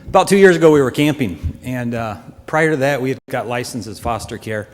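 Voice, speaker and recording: A man giving an earnest, heartfelt personal testimony to a congregation, speaking in a halting way. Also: medium pitch. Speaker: church member giving a testimony. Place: church hall. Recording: long church-hall reverb.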